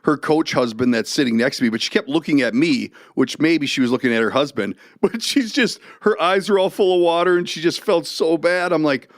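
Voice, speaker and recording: A man's voice: on the high side, fairly quick, hardly any pauses, dry recording, studio quality. A middle-aged man co-hosting a podcast, telling stories in a casual chat and laughing often. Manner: animated storyteller, laughs often. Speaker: podcast co-host.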